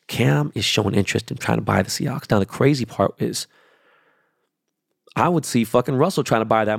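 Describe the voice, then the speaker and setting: Man, lower register, rambling profane monologue, emphatic, dry close sound. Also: creaky, darkish tone, no echo.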